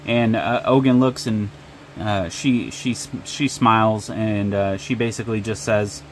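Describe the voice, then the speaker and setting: A man's voice: on the low side, fairly even intonation, unhurried, a little hiss or hum. A man narrating and running a solo tabletop game with frequent ums and uhs. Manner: hesitant, lots of ums and uhs.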